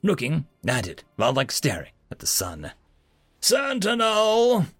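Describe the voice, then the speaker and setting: A man narrating a story in the first person in an expressive, dramatic way. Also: mid-range voice, moderate pace, breathy edge, dry recording. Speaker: audiobook narrator.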